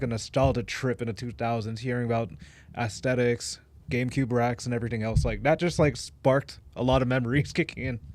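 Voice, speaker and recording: A man's voice: mid-range voice, darkish tone. A man co-hosting a casual gaming podcast, talking in an easygoing, agreeable way. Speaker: podcast co-host.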